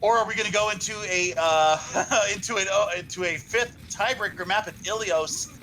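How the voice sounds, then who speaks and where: A man giving live esports color commentary over an online call, out of breath, excitable and gushing with many fillers. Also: high voice, normal speed, slight background noise, poor audio.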